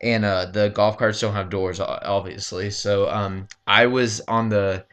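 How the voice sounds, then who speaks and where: Guy, slightly low voice, halting casual storyteller who says um constantly and swears loosely. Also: steady tone, fairly bright tone, clean tone. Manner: rambling, halting, full of ums and likes. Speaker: gaming commentator. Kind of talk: casual storytelling over gameplay.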